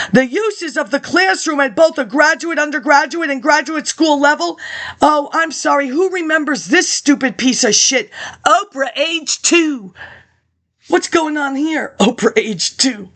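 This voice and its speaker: A woman's voice: high-pitched, a bit bright. A woman rambling through a monologue, reading old papers aloud and jumping between topics with sarcastic asides.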